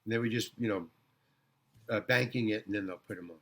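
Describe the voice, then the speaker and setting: A man's voice: fairly low pitch, fast talker. An older man from New York, a guest actor telling stories in a casual interview, rambling with restarts and acting out quotes. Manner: rambling, animated, full of restarts and acted-out quotes.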